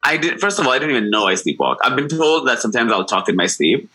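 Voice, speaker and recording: A man co-hosting a podcast, chatting casually and telling embarrassing stories with lively acted-out quotes. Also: mid-range voice, quick pace, slightly rough. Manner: animated storyteller, acts out quotes. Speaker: podcast co-host. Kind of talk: casual chat.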